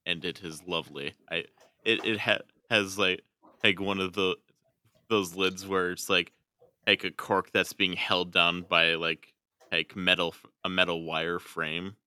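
A man with a very low, bright and edgy voice chats loosely on a podcast, stumbling and restarting his sentences. The sound is close and completely dry, with no room around it. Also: little pitch movement, clear, resonant tone, no room sound. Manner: halting, restarts often, laughs easily. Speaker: podcast co-host. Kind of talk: casual chat.

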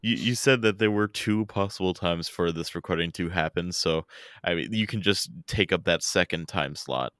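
Casting: young Midwestern man, very low yet bright voice, dry teasing co-host. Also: moderate pace, smooth, dry recording. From American Midwest. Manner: laughs often, dry and teasing. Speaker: podcast co-host. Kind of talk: casual chat.

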